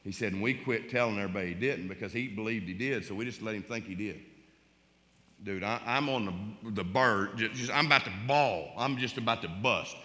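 Middle-aged guy telling a church testimony, folksy, repeats himself, goes loud then hushed, long hall echo. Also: fairly low pitch, brisk. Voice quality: folksy, repeats words when moved. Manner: swings from loud and urgent to hushed and choked. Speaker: Christian speaker telling a testimony. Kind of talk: emotional storytelling testimony.

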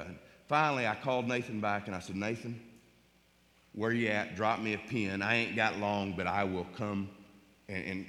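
Middle-aged guy telling a church testimony, folksy, repeats himself, goes loud then hushed, long hall echo. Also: fairly low pitch. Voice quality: folksy, repeats words when moved. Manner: swings from loud and urgent to hushed and choked. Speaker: Christian speaker telling a testimony. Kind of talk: emotional storytelling testimony.

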